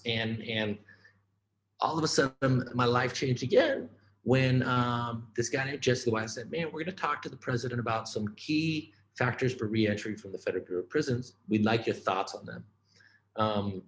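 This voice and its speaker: A man giving a keynote talk, telling a story in an informal, animated way, with lots of "man" and "right?" and restarts. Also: mid-range voice, echoey room, rough recording. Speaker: keynote speaker.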